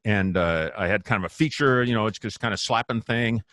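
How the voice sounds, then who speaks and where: A man being interviewed as a guest musician, telling stories in a lively, casual way, laughing often and acting out what people said. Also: on the low side, brisk, no echo, clean studio sound. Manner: animated, laughs often, acts out quotes. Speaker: guest bassist.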